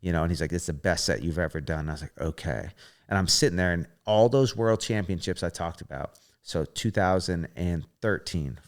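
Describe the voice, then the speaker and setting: A man in his thirties, a podcast guest, telling a story in a casual, animated way, swearing often and acting out what people said. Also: low-pitched, brisk, few pauses. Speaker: podcast guest, former gymnast.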